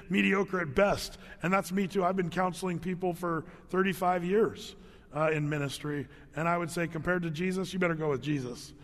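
A man's voice: high-pitched, fairly even intonation, moderate pace, fairly bright tone, long reverb tail. A middle-aged man preaching a conversational sermon as pastor, with joking asides and repeated words.

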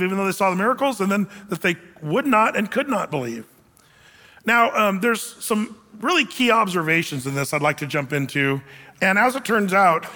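A male pastor preaches with a high, bright voice that has a tense edge. His delivery is conversational and animated, full of casual asides. A long hall reverb trails each phrase. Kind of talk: sermon.

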